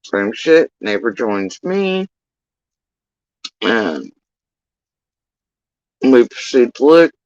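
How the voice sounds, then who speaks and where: A man telling an emotional personal account, halting and swearing often as he recounts what happened. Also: mid-range voice, big pitch swings, darkish tone, no room sound, lo-fi sound. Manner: profane, halting, emotional retelling. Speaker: witness recounting events.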